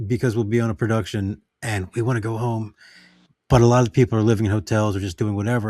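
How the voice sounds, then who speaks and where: A man hosting a podcast interview, chatting in a relaxed way and thinking out loud with fillers. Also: fairly low pitch, fast, dry recording. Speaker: podcast host. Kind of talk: casual interview chat.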